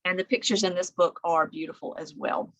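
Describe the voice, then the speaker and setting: Leading storytime for kids, a librarian reads at a fairly quick clip, her delivery swinging widely from hushed whispers to high-pitched calls. The recording is dry.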